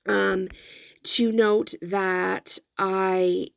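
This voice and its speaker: Gravelly-voiced woman narrating her planner. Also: mid-range voice, little pitch movement, extremely slow, no echo, studio quality. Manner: chatty, many fillers and self-corrections. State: has the hiccups. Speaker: planner vlogger. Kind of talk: voice-over narration of a planner spread.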